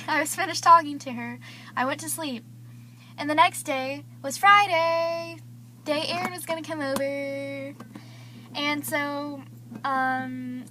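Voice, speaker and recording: A woman's voice: high voice, sharp tone, a little hiss or hum. A teenage girl vlogging, rambling through gossip with lots of fillers. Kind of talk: casual gossip vlog.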